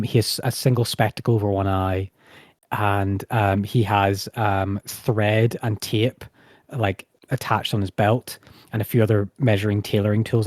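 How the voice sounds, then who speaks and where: Halting male game master. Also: fairly low pitch, darkish tone, no room sound, studio quality. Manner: hesitant, full of ums and restarts. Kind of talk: narrating a tabletop game.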